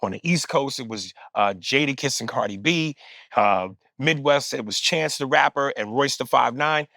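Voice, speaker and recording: A man with a New York accent tells a story in a lively, animated way, dropping profanity as he goes. His voice sits in a mid range, and it is recorded dry and close. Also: mid-range voice, normal speed, creaky, no echo. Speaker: podcast guest, comedian. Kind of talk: casual conversation.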